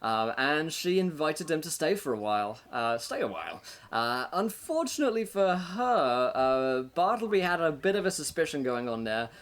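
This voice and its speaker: A man hosting a tabletop game stream as game master, talking in a casual, upbeat monologue that is full of fillers and quick laughs. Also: fairly high pitch, very animated, a bit bright. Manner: upbeat and chatty, laughing between thoughts, many filler words. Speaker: game master and show host.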